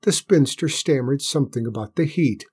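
Husky-voiced male storyteller. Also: medium pitch, normal speed, darkish tone. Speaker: narrator. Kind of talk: storybook narration.

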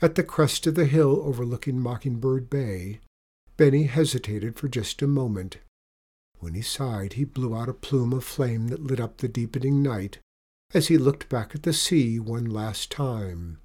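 A man reading a children's story aloud in a calm, even narration. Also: medium pitch, measured pace.

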